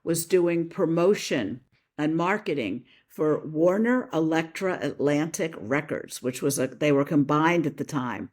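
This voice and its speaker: A woman from Philadelphia, a guest on a podcast, talking about her career in a chatty, relaxed way full of "like"s. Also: low voice, measured pace. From Philadelphia, USA. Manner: chatty, relaxed, explains with many "like"s. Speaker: guest, creative director and editor. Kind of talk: casual interview chat.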